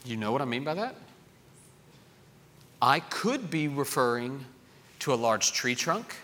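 A middle-aged man preaching a sermon in a lively way, acting out voices of children he quotes. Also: mid-range voice, measured pace. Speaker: pastor.

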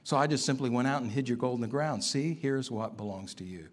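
A man's voice: medium pitch, fairly quick, natural voice. A man preaching, voicing a fearful servant who makes hesitant excuses. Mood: timid. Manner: hesitant, apologetic. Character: fearful, timid male servant.

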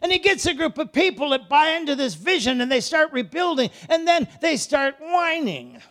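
High-voiced preacher who shouts and whispers. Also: male voice, animated, moderate pace. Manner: dramatic, swings between shouting and quiet asides; acts out characters in voices. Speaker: guest preacher. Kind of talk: Pentecostal-style sermon. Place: church service.

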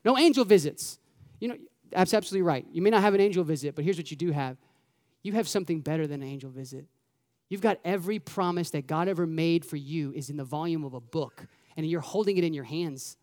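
High-voiced male pastor preaching in a reverberant room. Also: quick pace. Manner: animated, conversational preaching with rhetorical questions. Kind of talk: sermon.

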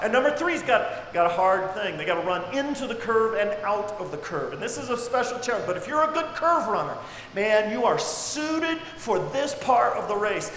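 High-voiced preacher in an echoey hall. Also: male voice. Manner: dramatic swings between shouting and hushed tones. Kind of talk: sermon. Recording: echoey hall with faint noise.

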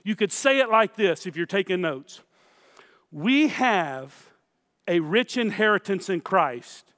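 A man preaching a sermon in a high, light voice, pressing his points with repeated phrases and speaking straight to the congregation. His words ring out with a long reverb in a large hall. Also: fairly bright tone. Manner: emphatic preaching with repeated phrases and direct address. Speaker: pastor.

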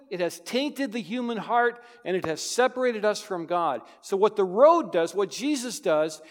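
A man preaching a sermon to his congregation, his voice sitting a little high for a man. He swings between loud urgent lines and hushed ones. A long reverb hangs on every phrase, as in a church hall. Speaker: pastor.

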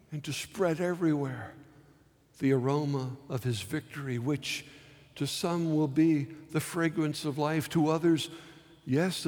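A male pastor preaching a sermon, slowing down for dramatic emphasis and acting out heartfelt quoted pleas. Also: a little high, a little mellow, in a large hall.

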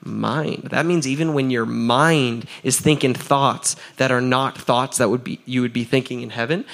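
A man preaching a sermon as pastor, energetic and chatty, asking the crowd for answers and often adding "right?". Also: medium pitch, moderate pace, hardly any pauses. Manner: laughs often, repeats "right?".

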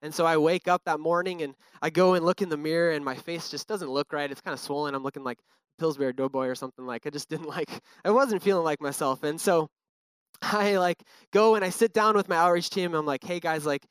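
A man's voice: on the high side, a little fast, clear, resonant tone, no echo. A young man giving an earnest, casual personal testimony, full of fillers. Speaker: speaker sharing a testimony.

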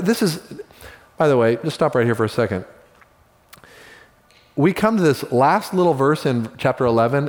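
A male pastor preaching a sermon in a relaxed, conversational storytelling manner with quick asides. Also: mid-range voice, big-room sound.

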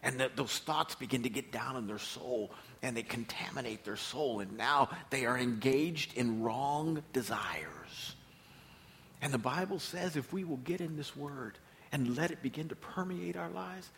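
A man's voice: on the high side, creaky, a bit bright, slight background noise. A man preaching a sermon as pastor, emphatic and repeating his key phrases.

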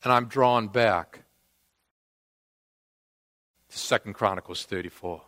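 A man's voice: lowish voice, takes it slowly, fairly bright tone. A man preaching a sermon, telling a story with dramatic acted quotes. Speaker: pastor. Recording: long church-hall reverb.

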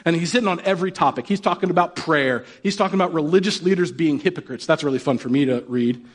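A man's voice: a little high, fast. A male pastor delivers a sermon with a slightly raised voice, talking like he is chatting with friends. He jokes and keeps asking his listeners questions. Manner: casual and joking, asks the audience questions. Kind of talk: conversational sermon.

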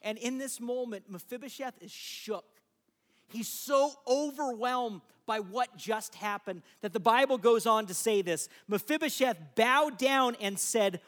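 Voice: medium pitch, a little slow, a bit bright. A preacher giving a sermon in a casual, conversational storytelling way, turning to listeners with asides.

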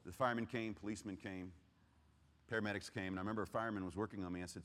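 A man with a fairly low voice tells his personal testimony in a large hall, and his words ring out with a long reverb. He swings between loud urgency and hushed, heavy pauses. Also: fairly even intonation. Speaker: speaker giving testimony.

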